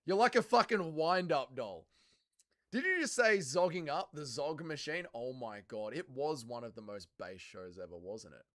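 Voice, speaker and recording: A man's voice: fairly high pitch, big pitch swings, normal speed, a bit bright. A man with an Australian accent hosting a livestream, swearing and bantering as he mocks his chat. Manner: profane, bantering, mocking. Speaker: livestream host. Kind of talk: casual livestream chat, reading viewer comments.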